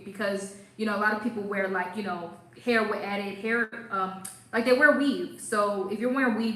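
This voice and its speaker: A woman's voice: on the high side, fairly bright tone, echoey room, poor audio. A young woman hosting a casual hair care livestream, playful and chatty, reading viewer comments as she goes.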